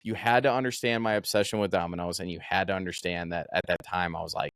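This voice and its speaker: A man hosting a podcast, telling a story in an animated, profane, casual way. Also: low-pitched, fast, clear, resonant tone, no echo. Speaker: podcast host.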